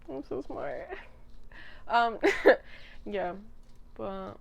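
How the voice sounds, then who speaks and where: A woman's voice: medium pitch, big pitch swings, drawn-out words, creaky, dull audio. A young woman in her twenties chatting casually to camera, rambling, giggling and teasing herself while she eats. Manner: rambling, giggly, self-mocking. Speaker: vlogger. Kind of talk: casual chat.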